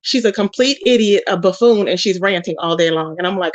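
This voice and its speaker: Her voice sits on the low side and moves fairly quickly, recorded as dull lo-fi audio with no echo. Hosting a commentary channel, the woman rants bluntly, scolding someone while repeating points and elongating words to stress them.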